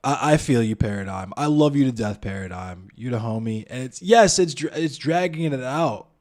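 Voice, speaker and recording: A man's mid-range, darkish voice carries lively intonation at a moderate pace as he rants on a live stream. He's profane and blunt, talking right to his chat and viewers and hitting them with rhetorical questions.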